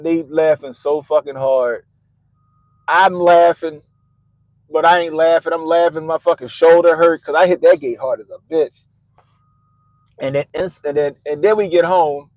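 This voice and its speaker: A middle-aged man on a podcast, telling a story in an animated, profane way and laughing at himself. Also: fairly high pitch, no room sound, low-quality recording. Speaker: podcast host. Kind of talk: casual storytelling.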